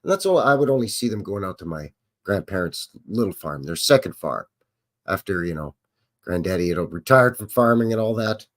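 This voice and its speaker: A middle-aged man hosts a relaxed livestream, rambling on and chatting with viewers as he goes. His pitch swings widely up and down, and he talks in a loose, unscripted way. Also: brisk. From Canada. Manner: rambling, chatty, greets chat viewers by name. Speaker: livestream host. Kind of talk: casual live commentary over old footage.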